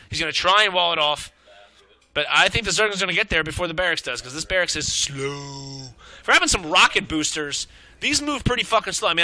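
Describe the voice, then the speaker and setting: A young man commentating a strategy game match, excitable and out of breath, swearing and rambling as he calls the play. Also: a little high, no echo.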